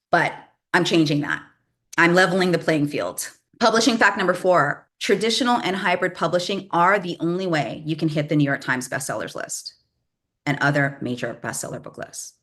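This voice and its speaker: A woman's voice: low voice, animated, normal speed, fairly bright tone. A middle-aged woman from the Bay Area talking casually to an audience as a publishing coach, chatty and emphatic, with lots of "like". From Bay Area, California.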